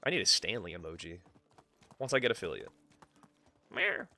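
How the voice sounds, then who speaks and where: A man's voice: sits low, lively intonation, fast, pushed and bright. A man streaming a game live, swearing freely and chatting with his viewers and his cat. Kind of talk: live gameplay commentary.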